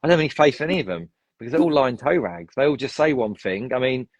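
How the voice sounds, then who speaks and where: A man's voice: medium pitch, lively intonation, quick pace, dry recording, poor audio. A man chatting as a podcast guest, opinionated and rambling with frequent restarts. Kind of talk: casual chat.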